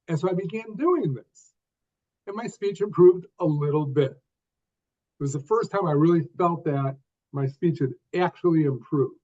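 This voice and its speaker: An older man from the United States, telling his own story as an interview guest in short phrases, with pauses and repeated starts. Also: on the high side, darkish tone. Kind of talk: conversational storytelling. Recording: dull lo-fi sound.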